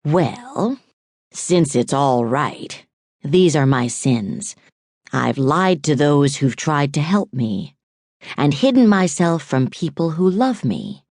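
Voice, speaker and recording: A woman voicing a cold, unhinged male killer in an audiobook, speaking in a husky, taunting way that turns eerily calm. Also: no echo, studio quality, full character voice. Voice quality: husky, low and slow. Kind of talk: audiobook character voice.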